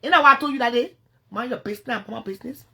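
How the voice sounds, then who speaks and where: A woman's voice: racing, vocal fry. Angry Liberian woman ranting on a livestream. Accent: Liberian English. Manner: confrontational, swearing, swings between low mutters and loud outbursts.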